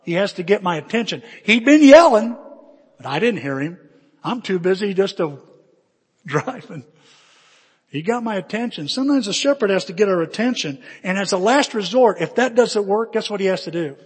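A man preaching a sermon through animated stories, acting scenes out with sudden shouts. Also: high voice, moderate pace, husky. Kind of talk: storytelling sermon. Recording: long reverb of a large hall.

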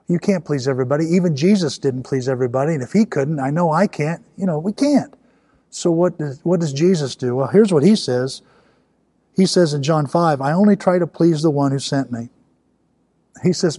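A man's voice: fairly high pitch, normal speed, dark tone, breathy edge, dry recording. A man preaching a sermon in a conversational way, building to emphatic peaks. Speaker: pastor.

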